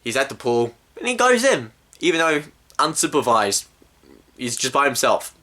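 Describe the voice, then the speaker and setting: A man's voice: medium pitch, very animated, moderate pace, pushed and bright. A man ranting through a movie review in an exasperated, rambling way full of fillers. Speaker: film reviewer.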